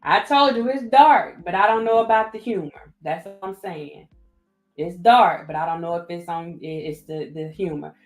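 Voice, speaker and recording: A woman's voice: on the low side, normal speed. A woman with a Southern US accent hosting a casual livestream, reading viewer comments and thanking people by name again and again. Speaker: livestream host. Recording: roomy echo with faint music.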